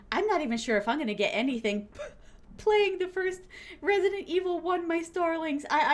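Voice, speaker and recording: A young adult woman from Florida, chatting playfully with viewers on a stream and laughing often. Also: high voice. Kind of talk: casual chat with viewers.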